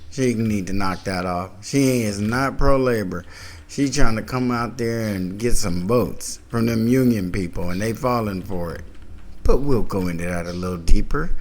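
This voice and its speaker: Blunt man commenting casually on politics. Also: lowish voice. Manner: blunt, critical, conversational and informal. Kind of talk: casual commentary on a speech clip.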